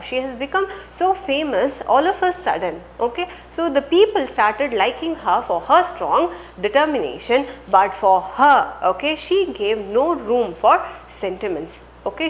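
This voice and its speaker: A woman's voice: fairly high pitch, slight background noise, low-quality recording. A woman teacher with an Indian English accent reads a textbook passage aloud, then explains it line by line, adding "okay" often and asking and answering her own word questions.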